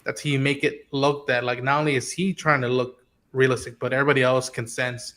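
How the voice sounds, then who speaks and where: A man's voice: mid-range voice, flat delivery, a little fast, fairly bright tone. A man hosting a casual online chat, talking in an easygoing, rambling way with many fillers. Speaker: host.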